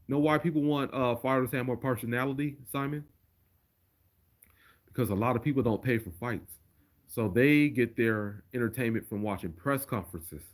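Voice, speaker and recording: A man's voice: medium pitch, normal speed. A man chatting casually on a livestream and reading viewer comments aloud. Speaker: streamer.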